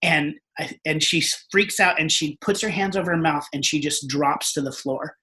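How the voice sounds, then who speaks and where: A man telling a story in casual conversation. His voice is bright and forward, and he acts out what other people said with lively energy. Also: fairly high pitch, moderate pace. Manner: animated, acts out quotes. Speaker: guest.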